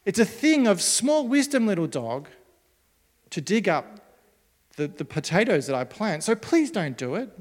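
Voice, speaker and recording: High-voiced gentle male storyteller. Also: big pitch swings, a little slow, in a large hall. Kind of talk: storytelling for children.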